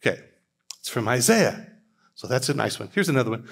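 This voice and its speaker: A man's voice: mid-range voice, very animated, a little fast, vocal fry, pauses often, breathy edge. A middle-aged man giving an informal, questioning teaching talk to a live audience at a church hangout, reading scripture aloud as he goes.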